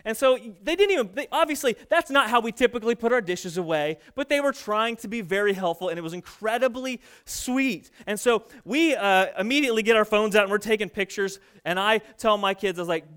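A pastor in his thirties delivers a sermon, weaving in homey stories about his family. His voice sits high for a man and rings smooth and clear. He talks in a relaxed, conversational way and pokes fun at himself. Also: brisk, few pauses. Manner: conversational, self-deprecating storytelling. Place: church stage.

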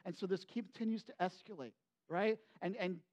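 A man preaching a sermon, retelling a Bible story in an animated, conversational way with frequent asides to the congregation. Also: high voice, moderate pace. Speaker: pastor.

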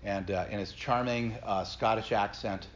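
A middle-aged pastor with a fairly low voice, earnest and explanatory as he teaches a Bible study group. He is on a slightly dull, lo-fi recording, with faint noise behind him. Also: fairly even intonation, moderate pace.

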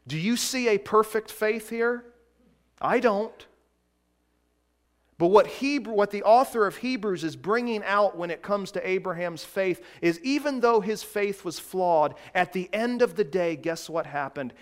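A man preaching a sermon in a deliberate way, swinging between loud emphasis and quiet, hushed lines. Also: sits high, lively intonation.

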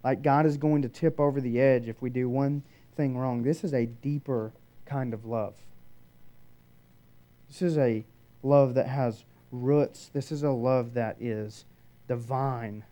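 A man preaching a sermon, shifting between loud emphatic declarations and hushed, quiet passages. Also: mid-range voice, fairly even intonation, a little slow. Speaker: pastor.

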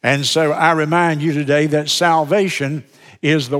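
A man preaching a sermon as pastor, slow and deliberate, leaning on repeated words for emphasis. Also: a little high, level tone, a bit bright. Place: church sanctuary. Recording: long reverb of a church sanctuary.

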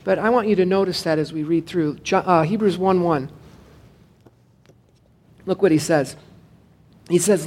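A man, a pastor, preaching a sermon in a casual, digressive way, joking with the congregation and slowing down to stress scripture. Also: high voice, a little mellow. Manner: conversational and digressive, with jokes to the congregation.

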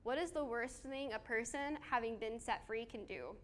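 Holding a handheld microphone, a woman preaches informally to a small group in a fairly high voice at normal speed. Her chatty, self-deprecating delivery includes fillers and questions to listeners, with slight background noise.

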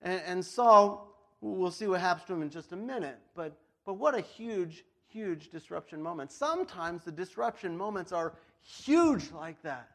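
High-voiced, chatty male preacher. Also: animated, moderate pace, fairly bright tone. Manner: chatty, laughs often, lots of "like"; storytelling, acts out voices. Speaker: pastor. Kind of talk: casual sermon.

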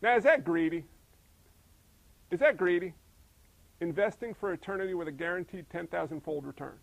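A male pastor preaching a sermon, full of rhetorical questions and swinging between emphatic and hushed delivery. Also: sits high, moderate pace, creaky, no echo, poor audio.

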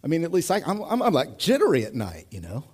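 A man's voice: wildly swooping pitch, quick pace, breathy edge. Fervent male pastor preaching. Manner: dynamic, swings between loud urgent highs and quiet low asides; conversational preaching, addresses congregation directly. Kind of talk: sermon. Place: church.

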